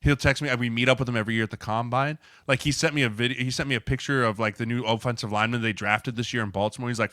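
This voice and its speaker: A man's voice: medium pitch, very fast, hardly any pauses, no echo. A man in his thirties, a podcast co-host and former pro lineman, telling a story in casual chat and acting out quotes, with lots of "like". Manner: animated, acts out quotes with filler "like".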